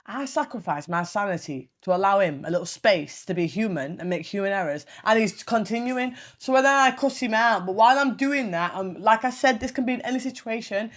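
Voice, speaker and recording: A young woman, hosting a casual solo podcast, blunt and animated, swearing freely as she tells stories. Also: mid-range voice. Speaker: podcast host.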